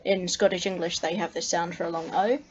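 A woman's voice: fairly low pitch, steady tone, a little fast. A young woman with an Australian accent, explaining letter sounds to camera, carefully demonstrating each sound with frequent ums. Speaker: language tutor. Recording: slightly muffled lo-fi recording.

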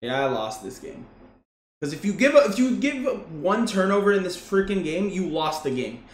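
Excitable young man yelling over gameplay. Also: high-pitched, moderate pace, echoey room. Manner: excitable, yells at plays, swears, laughs. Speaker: gaming YouTuber. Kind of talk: live gameplay commentary.

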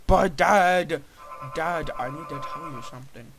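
A man voicing a young boy who keeps nagging his father, loud and insistent. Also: on the high side, a little slow, music in the background. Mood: pleading. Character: whiny young boy pestering his dad. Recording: loud background noise.

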